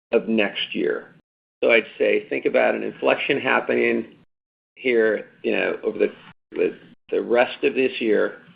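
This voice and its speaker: A man with a deep, gravelly rasp fields analysts' questions on an earnings call. He drives his points home by repeating them and tossing in "right?" as he goes. The audio comes through a thin, tinny phone line. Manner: repetitive, emphatic, tag questions. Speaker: company executive answering analysts.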